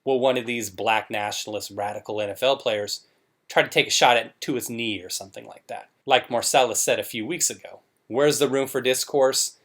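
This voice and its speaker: A man's voice: mid-range voice, normal speed, a bit bright. A man hosting a commentary show, talking in a sarcastic, mocking way.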